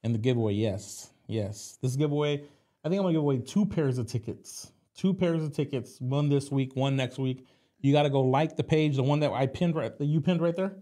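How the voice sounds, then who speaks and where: A man's voice: mid-range voice, a little fast, warm tone. A man co-hosting a local show, joking around in slangy casual talk and running the giveaway. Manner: joking, slangy, does silly voices. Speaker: co-host. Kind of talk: casual radio show banter.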